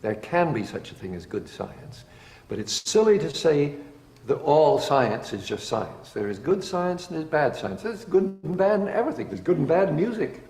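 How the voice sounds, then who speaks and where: A man's voice: on the high side, sing-song, normal speed, a little mellow. A man speaking in a blunt, impassioned, plainspoken way in a recorded talk. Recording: echoey hall with faint noise.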